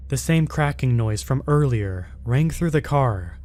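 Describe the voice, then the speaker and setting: A man reading a first-person scary story aloud in a steady, measured way. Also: medium pitch. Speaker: horror story narrator.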